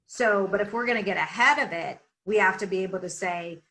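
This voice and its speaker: With barely a pause, a woman leadership coach briskly answers interview questions in a mid-range voice. She explains energetically and keeps checking in with "right?", though the audio quality is poor.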